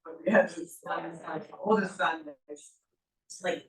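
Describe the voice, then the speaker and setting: A woman chatting casually at an event, laughing often as she tells lively anecdotes. Her voice sits back from the microphone and carries a roomy echo. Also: fairly low pitch, measured pace. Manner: laughs often, animated storytelling. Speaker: workshop attendee. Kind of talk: casual chat. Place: event room. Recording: roomy echo, distant mic.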